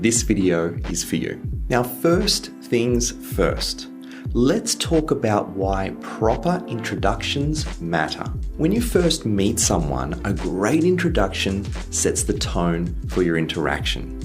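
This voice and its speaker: A man teaching an English lesson in an upbeat, scripted way over faint background music. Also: fairly low pitch.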